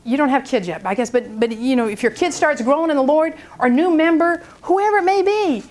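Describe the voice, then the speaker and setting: A woman speaking at a prayer seminar, telling a story in an animated way and acting out its people. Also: high voice, a little fast.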